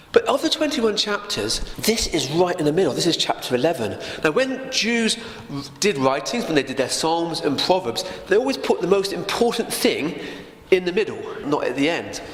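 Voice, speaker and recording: A man's voice: fairly high pitch, a bit bright. A man teaching a Bible passage as a story, often turning to listeners with tag questions. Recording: echoey room with long reverb, faint noise.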